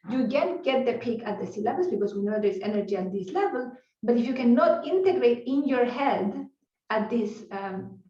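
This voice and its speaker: Woman, fairly high voice, conference lecture, chatty with fillers, roomy dull far-off recording. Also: warm tone. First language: Spanish. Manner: conversational, peppered with "you know" and restarts. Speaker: neuroscience researcher giving a talk.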